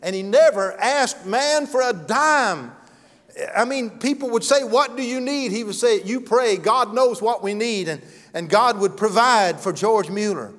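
A man preaching a sermon and telling stories, earnest, swinging from loud to hushed. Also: high-pitched, lively intonation, measured pace. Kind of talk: sermon with storytelling. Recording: long hall reverb.

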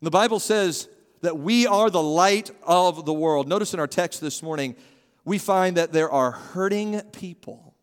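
High, animated preacher in a hall. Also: male voice, moderate pace, smooth. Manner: animated, calls on the congregation to respond. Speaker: pastor. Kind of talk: sermon. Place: church sanctuary. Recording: long hall reverb.

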